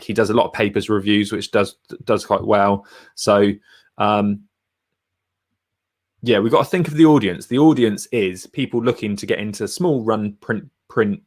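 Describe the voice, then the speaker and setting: Guy talking thumbnails, blunt and chatty, kinda low voice. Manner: chatty and blunt, talks while clicking through screens. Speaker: YouTuber reviewing thumbnails. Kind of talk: casual screen-share tutorial.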